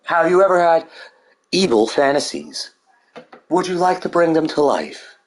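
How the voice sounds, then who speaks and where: A man putting on a mocking, sinister recruiter's sales pitch in a raised voice. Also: expressive, a little slow. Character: mock sinister male recruiter, smooth tempting.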